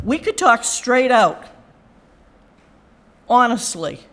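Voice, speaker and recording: A woman's voice: a little high, very animated, slow, a bit bright. A woman giving farewell remarks at a town meeting, teasing and laughing often. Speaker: board member.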